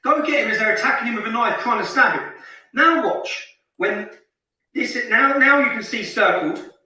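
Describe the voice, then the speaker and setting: A man from Luton, England, rants over a street video with heated, scornful commentary, repeating phrases to hammer his points home. His voice is extremely high, pushed and bright, with lively intonation at a moderate pace. The recording is rough and distant, with heavy reverb.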